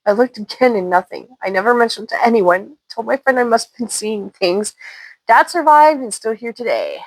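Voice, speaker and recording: A slightly high, sing-song voice at normal speed belongs to a woman from Washington State, recorded with no echo. She's casually spinning paranormal stories for her channel, with loose, chatty digressions.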